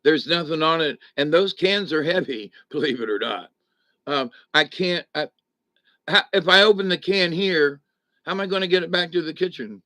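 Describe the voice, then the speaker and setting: A man's voice: fairly high pitch, normal speed, sharp tone, no echo. A middle-aged man, recovering at home from back surgery, chatting casually and rambling to his viewers. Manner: rambling, folksy, chuckles between thoughts. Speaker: vlogger talking to viewers. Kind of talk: casual live chat to viewers. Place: home, indoors.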